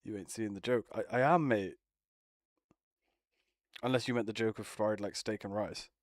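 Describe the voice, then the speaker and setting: A man's voice: on the low side, fairly even intonation, moderate pace, dry recording, clean studio sound. A young man bantering casually with friends as a streamer, teasing, swearing and laughing often.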